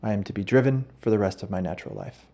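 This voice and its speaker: Low mellow-voiced male comic storyteller. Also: fast. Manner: rambling, absurd, self-interrupting. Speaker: podcast host. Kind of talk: comedic storytelling monologue.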